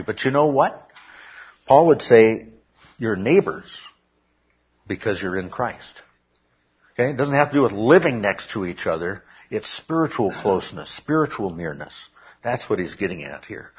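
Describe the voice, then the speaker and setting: A man's voice: on the low side, husky, highs cut off. A male pastor preaching a sermon, often checking in with "okay?" and rising to emphatic outbursts. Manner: peppers talk with "okay?", rises to emphatic shouts. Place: church.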